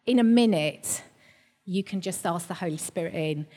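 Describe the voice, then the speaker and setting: A middle-aged woman preaching a sermon, telling stories in a conversational way and building to emphatic high points. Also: normal speed, darkish tone, breathy edge. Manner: conversational storytelling with rising emphasis. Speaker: church preacher.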